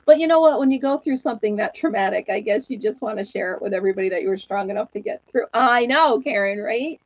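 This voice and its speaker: Woman host, 40s, warm casual chatter with viewers, laughs often; flat dull dry sound. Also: mid-range voice, fast, no echo. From New York State. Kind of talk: casual chat.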